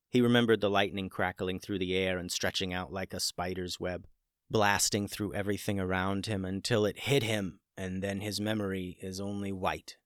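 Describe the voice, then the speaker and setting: A man narrating a children's story in a gentle, plain way. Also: low voice, clear, resonant tone, dry recording, studio quality.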